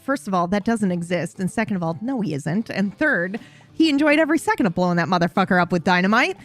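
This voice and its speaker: A woman's voice: mid-range voice, expressive, quick pace, soft background music, close to an everyday voice. A woman voicing her own roleplay character, a blunt and merciless outlaw woman who speaks curtly and profanely. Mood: scornful. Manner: curt, profane, contemptuous.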